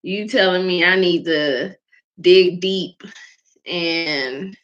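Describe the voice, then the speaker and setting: Her voice sits on the low side and she draws out her words as she hosts a podcast about faith. She speaks candidly and casually, laughing frequently amid plenty of fillers, on a dull lo-fi recording.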